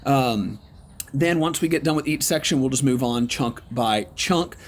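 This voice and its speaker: A man leading an online Bible study lesson in a conversational, encouraging way, with frequent ums and pauses. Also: medium pitch, slight background noise.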